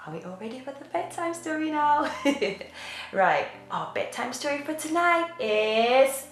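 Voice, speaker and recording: A woman hosting a children's channel who reads a bedtime story in a playful, animated, sing-song way. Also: sits high, a little slow. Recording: echoey room with faint music.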